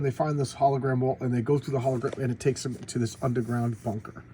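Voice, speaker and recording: A man's voice: mid-range voice, steady tone, fast talker, dark tone, a little hiss or hum, rough recording. Sarcastic rambling man reviewing comics. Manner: sarcastic, rambling, full of restarts. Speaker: comic book video host.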